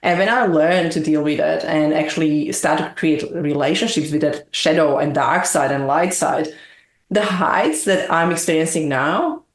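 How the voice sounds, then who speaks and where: A woman's voice: deep voice, moderate pace. A woman guest in an interview, talking earnestly in long, winding explanations. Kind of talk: reflective interview talk. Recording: echoey room.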